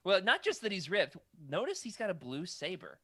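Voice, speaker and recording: A man's voice: high-pitched, huge pitch swings, moderate pace, sharp tone, no echo, clean studio sound. A man co-hosting a casual chat, rambling and correcting himself as he stumbles over names. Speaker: podcast co-host. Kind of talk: casual chat about comic art books.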